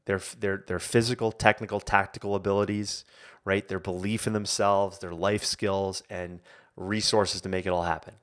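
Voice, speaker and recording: A man's voice: low-pitched, normal speed. A man hosting a live online Q&A as a coach, talking casually with many fillers and restarts. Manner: rambling, many fillers and restarts, animated quotes. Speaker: coach and host.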